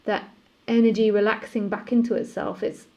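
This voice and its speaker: A woman, a spiritual teacher, speaking calmly and repetitively in a live-streamed session and laughing easily. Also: mid-range voice, moderate pace, dull audio.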